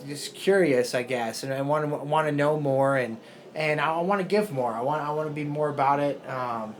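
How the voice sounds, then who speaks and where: A man in his thirties with a fairly high voice rambles through a casual podcast interview, open about his feelings and swearing freely. Soft background ambience hums faintly behind him. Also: moderate pace, slight background noise. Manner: rambling, emotional, swears a lot. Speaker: fighter guest.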